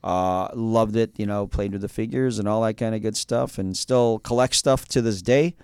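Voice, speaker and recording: A man's voice: fairly low pitch, fairly even intonation, normal speed, a little mellow, clear, resonant tone, no room sound, clean studio sound. A man hosting an interview, talking casually with lots of fillers and restarts, enthusiastic. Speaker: interview host.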